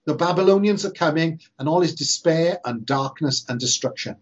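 A preacher delivers an emphatic sermon, leaning hard on slow, repeated phrases. His voice is somewhat husky and sits a little high. The recording sounds dull and lo-fi. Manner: earnest, emphatic preaching with slow stressed repetitions.

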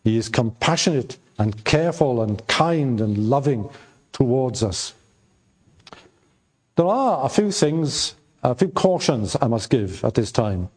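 An older man preaching a sermon, halting with fillers and restarts, and stressing his points by repeating them. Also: medium pitch, sing-song, a little mellow. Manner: slow, halting delivery with many fillers and repeated words; emphatic repetition when reading scripture aloud.

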